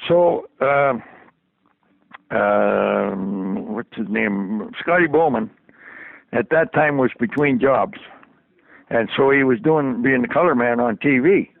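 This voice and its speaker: Speaking slowly and expressively in a mid-range voice with vocal fry, an older ex-hockey trainer shares folksy tales for an interview, chuckling along the way. The phone line sounds dry and tinny, with no echo.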